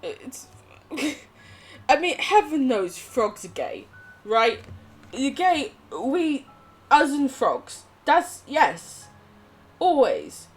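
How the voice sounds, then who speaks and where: A woman's voice: high voice, sing-song, drawn-out words, pauses often, faint music behind. A young woman streaming a game, chatting casually with viewers, giggling and swearing. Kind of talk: casual live gameplay chat.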